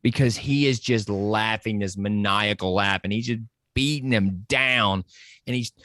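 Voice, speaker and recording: A man talking excitedly about a movie in a casual discussion, close to his microphone, animated and jumping into high exclamations. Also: unhurried, dry recording. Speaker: pop culture podcast guest.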